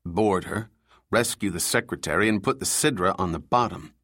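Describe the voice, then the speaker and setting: A man's voice: deep voice, normal speed, a bit bright, no echo, studio quality. A male narrator voicing a hot-tempered mercenary captain who talks bluntly and defiantly. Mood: determined.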